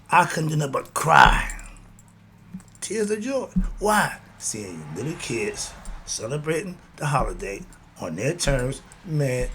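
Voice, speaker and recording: A man's voice: mid-range voice, fairly bright tone, a little hiss or hum. A man giving a motivational monologue about spiritual life, speaking in in a preachy, rhythmic way and repeating his catchphrases. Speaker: host.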